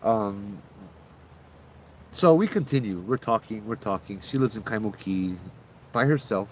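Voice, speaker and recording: A man, hosting and telling a ghost story in a loose, conversational way, with fillers and sudden loud bursts. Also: on the low side, animated, measured pace, a little hiss or hum, poor audio. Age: 30s. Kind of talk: casual spoken ghost story.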